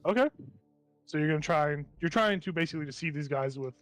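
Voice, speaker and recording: A man running a tabletop game, describing the scene in a loose, rambling way full of fillers. His voice is slightly high and dry and close, with soft music faint behind. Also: fast talker, no echo. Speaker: game master.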